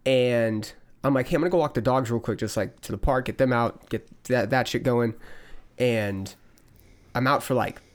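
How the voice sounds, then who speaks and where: Male podcast host, relaxed rambling storyteller, swears freely, mid-pitched. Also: moderate pace. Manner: loose storytelling, swearing, many fillers. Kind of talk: casual chat.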